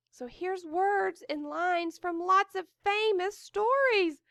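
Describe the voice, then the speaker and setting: A woman reads a children's picture book aloud in a very high, lively voice, gasping in wonder and chatting about the pictures. Her voice has a gravelly edge, and she speaks slowly. The recording is close and dry. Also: no room sound. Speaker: storybook reader.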